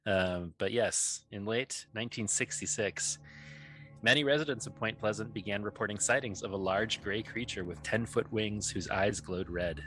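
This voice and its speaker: A man's voice: fairly low pitch, normal speed, a bit bright, soft background music. A man co-hosting a casual podcast, reading trivia questions aloud and joking with his co-host. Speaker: podcast co-host, quiz master.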